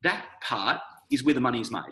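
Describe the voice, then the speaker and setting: A man's voice: medium pitch, a little fast, noisy background. A man in his forties, a sales coach talking as a guest in a casual podcast chat, blunt and profane as he tells stories. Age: 40s. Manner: blunt, profane, animated storytelling.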